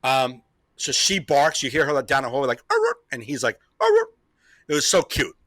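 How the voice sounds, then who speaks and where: A man's voice: mid-range voice, steady tone, a little fast, a bit bright, dry recording. A man hosting a comedy podcast, telling a rambling story in casual chat, repeating himself and laughing often.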